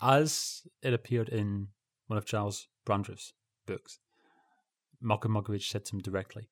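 A man's voice: fairly low pitch, steady tone, normal speed, dry recording, studio quality. A man co-hosting a podcast, chatting casually about old television in a rambling, wry way that keeps breaking off and restarting. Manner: rambling, self-interrupting, wry. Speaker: podcast co-host.

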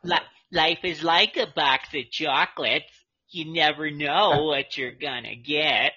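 A man's voice: fairly high pitch, steady tone, a little slow, bright, forceful tone, husky, highs cut off, full character voice. A man putting on a wobbly, mumbling old woman's voice to recite famous movie lines. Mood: mock dramatic.

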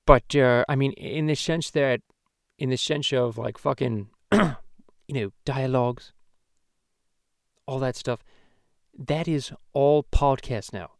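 A man's voice: mid-range voice, slow, gravelly, no room sound, studio quality. A man voicing a foul-mouthed cartoon baby, ranting profanely and rambling in a comedic podcast. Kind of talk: comedic podcast rant in character.

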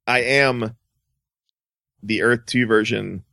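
A man's voice: medium pitch, steady tone, slow, vocal fry, bright, forceful tone, no room sound, clean studio sound. A man co-hosting a casual podcast, playful, with a slight lisp. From American South. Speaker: podcast co-host. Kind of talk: casual chat.

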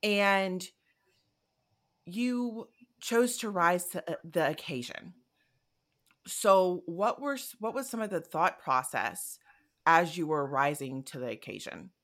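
A woman hosting an interview podcast, chatty and enthusiastic, reacting warmly to her guest. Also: on the low side, big pitch swings, slow pace, pauses often. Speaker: podcast host. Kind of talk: casual interview chat.

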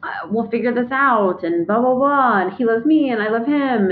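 A woman's voice: on the high side, slight background noise. Woman on a tinny phone-like line. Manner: acts out quoted characters in quick recaps. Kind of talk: casual book recap chat.

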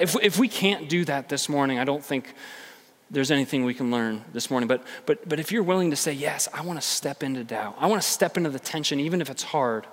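A man preaching a sermon to a congregation, conversational and animated, acting out inner voices. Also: mid-range voice, in a large hall. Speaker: pastor.

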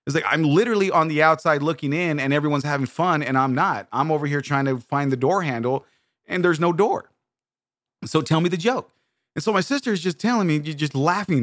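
A man's voice: on the high side, brisk, no room sound, clean studio sound. Rambling man telling a funny story. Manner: rambling, animated, frequent restarts. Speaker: comedic storyteller. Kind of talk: comedic monologue.

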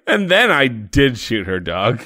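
A man's voice: mid-range voice, sing-song, unhurried, pushed and bright, no room sound. A man co-hosting a podcast, giving dry, sardonic commentary and counting off his points. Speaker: podcast co-host. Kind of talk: casual chat.

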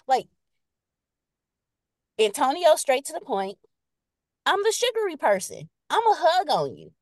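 Lively woman chatting on a podcast. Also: high voice, unhurried, pauses often, no echo, clean studio sound. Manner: lively, expressive, reads viewer comments aloud. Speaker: podcast co-host reading chat comments. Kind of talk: casual live-stream chat.

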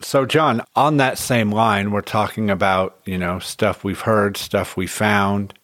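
A man co-hosting a podcast, asking a guest a question in a relaxed, conversational way. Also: lowish voice, unhurried. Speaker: podcast co-host. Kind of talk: casual interview question.

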